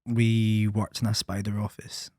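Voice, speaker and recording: A young man co-hosting a podcast, telling stories in a wry, deadpan way. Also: on the low side, unhurried, dry recording, clean studio sound. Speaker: podcast co-host. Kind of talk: casual chat.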